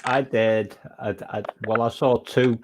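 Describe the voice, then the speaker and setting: A man's voice: mid-range voice, little pitch movement, unhurried, a little hiss or hum. A man hosting a casual livestream chat, rambling and self-deprecating, joking about himself as he goes. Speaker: livestream host.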